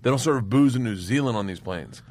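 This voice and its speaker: A comedian guest telling rambling, profane travel stories on a casual podcast, breaking into loud laughter. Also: male voice, medium pitch, lively intonation, fairly quick, dry recording.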